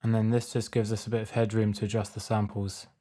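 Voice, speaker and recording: A man casually talking through a music production tutorial step by step in a relaxed, plain way. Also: on the low side, quick pace. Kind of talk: casual screen-recorded tutorial.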